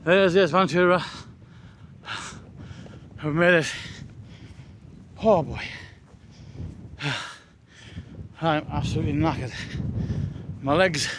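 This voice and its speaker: A man's voice: on the high side, steady tone, takes it slowly, long pauses, a bit bright. A man, talking to camera on a long walk, tired and chatty, puffing and sighing between remarks. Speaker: walking vlogger. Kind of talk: casual walking vlog. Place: outdoors on a moorland road. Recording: outdoor walk with noticeable background noise.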